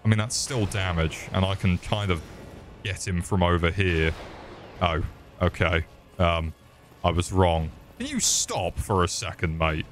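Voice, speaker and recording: A man's voice: low voice, expressive, measured pace, slight background noise. Sweary man streaming a game. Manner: sweary, jokey, yelps in panic. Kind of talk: live game commentary.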